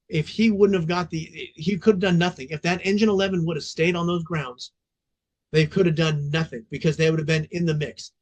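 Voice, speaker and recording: A man's voice: a little high, fairly even intonation, a little fast. Blunt, cursing middle-aged man. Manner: emphatic, profane, blunt. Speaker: fire department veteran guest. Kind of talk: casual podcast storytelling.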